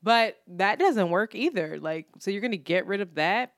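A woman's voice: medium pitch, normal speed, no room sound, clean studio sound. A woman co-hosting a podcast in casual chat, talking bluntly with plenty of profanity and acting out what other people said. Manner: blunt, profane, animated storytelling with quoted voices. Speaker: podcast co-host.

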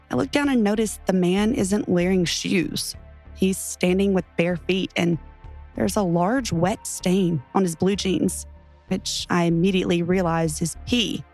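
A woman's voice: fairly low pitch, a little mellow. A woman narrating a true first-person story in an earnest, tense way.

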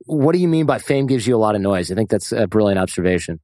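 A man hosting a casual podcast conversation, easygoing and quick to laugh and agree. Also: lowish voice, lively intonation, dark tone, dry recording, clean studio sound. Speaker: podcast host.

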